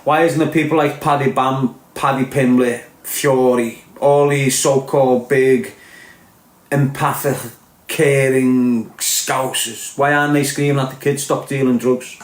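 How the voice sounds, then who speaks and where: A man's voice: mid-range voice, steady tone, a little slow, echoey room. A man with a Liverpool accent delivering a blunt, sweary, impassioned podcast rant. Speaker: podcast host. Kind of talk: ranting podcast monologue.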